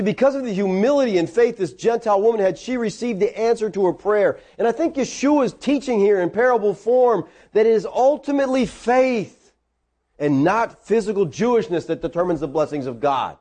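A man preaching a sermon in a high, very lively voice. He acts out the people of the story as he tells it. His pitch swings widely all through. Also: moderate pace.

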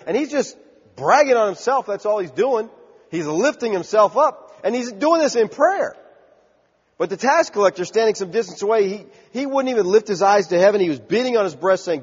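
A man's voice: sits high, lively intonation, fairly quick, slightly rough. A man preaching a sermon in an emphatic, conversational way, heard on a dull recording in a large church hall with a long echo.

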